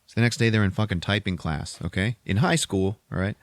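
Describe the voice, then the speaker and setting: A podcast host retelling a movie plot in a casual, profane, animated way, jumping into voices for the characters. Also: male voice, on the low side, fairly quick, no room sound, studio quality.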